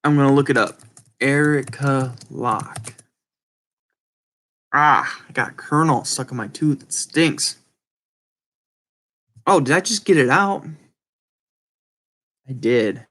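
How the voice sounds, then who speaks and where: A man with a speech impediment chatting casually and rambling to viewers, halting and apologetic, often restarting his words. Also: mid-range voice, fairly bright tone. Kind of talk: casual rambling livestream chat.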